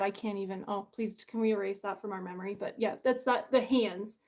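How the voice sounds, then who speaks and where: A woman's voice: medium pitch, fairly even intonation, brisk, hardly any pauses. A woman author hosting her book launch in a casual livestream chat. She is bubbly and self-deprecating, and she laughs often.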